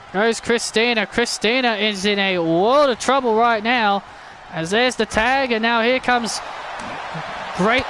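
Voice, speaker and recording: Excitable male wrestling commentator, very high voice, shouty play-by-play with stumbles. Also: a little hiss or hum. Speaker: wrestling commentator and channel host. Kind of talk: excited play-by-play commentary of a video game match.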